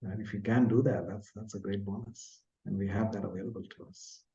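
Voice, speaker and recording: Earnest, soft-spoken older man telling a story. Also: on the low side, steady tone, a little fast, highs cut off. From India. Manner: earnest, soft-spoken, trailing off at phrase ends. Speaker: podcast guest, author. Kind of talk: reflective storytelling in an interview.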